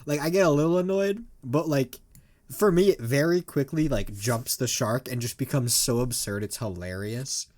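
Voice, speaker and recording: A young man co-hosting a podcast, telling a store customer story in excitable casual chat, laughing often. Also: medium pitch, moderate pace. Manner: excitable, laughing, full of "like" fillers. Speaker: podcast co-host.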